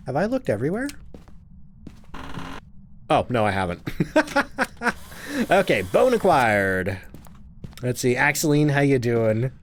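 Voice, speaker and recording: A man's voice: medium pitch, a little hiss or hum. A man casually chatting on a live game stream, reading out chat questions and answering them while he plays.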